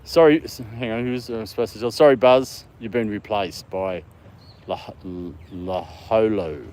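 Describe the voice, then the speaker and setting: A man's voice: lowish voice, measured pace, a little mellow. An Australian man hosting a casual livestream from a dog park, answering viewer comments and talking to his dog. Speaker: livestream host.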